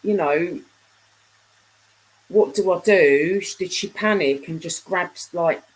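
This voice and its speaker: A middle-aged woman hosts a casual live stream, talking unhurriedly in a fairly low voice. She rambles, doubles back and leaves sentences hanging as she chats with her viewers. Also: takes it slowly, rough recording. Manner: chatty, rambling, trailing off mid-sentence. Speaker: livestream host.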